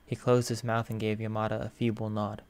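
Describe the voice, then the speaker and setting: A man narrating a fan fiction audiobook in a steady, even storytelling manner. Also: lowish voice, fairly quick, clear, resonant tone.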